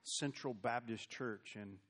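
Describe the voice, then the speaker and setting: A man's voice: medium pitch, slow pace, fairly bright tone. An American man preaching a sermon, telling Bible stories in a folksy, conversational way. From United States. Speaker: pastor.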